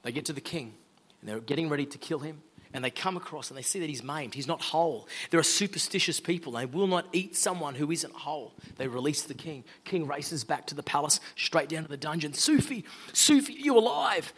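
A man's voice: fairly high pitch, a little fast, fairly bright tone, breathy edge. A middle-aged Australian man giving an earnest, conversational sermon-style talk as a guest speaker. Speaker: guest speaker, law firm owner.

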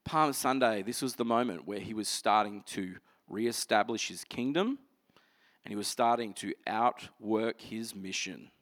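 A man preaching a sermon, earnestly explaining scripture and moving between energetic passages and hushed ones. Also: lowish voice, unhurried.

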